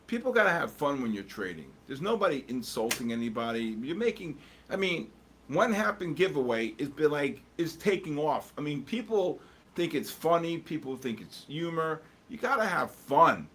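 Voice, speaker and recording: A man's voice: fairly high pitch, big pitch swings, moderate pace, fairly bright tone, breathy edge. A man hosting a live trading stream, chatting casually and joking with viewers while calling out market moves. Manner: rambling, jokey, answers chat while watching charts. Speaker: livestream host.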